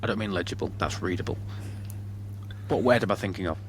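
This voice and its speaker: A man's voice: deep voice, fast talker, a little hiss or hum. A man with a Hull accent hosting a podcast, rambling in casual chat and often asking if the listener agrees. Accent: Hull, England. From Hull, England. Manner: chatty, rambling, asks for agreement. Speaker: podcast host.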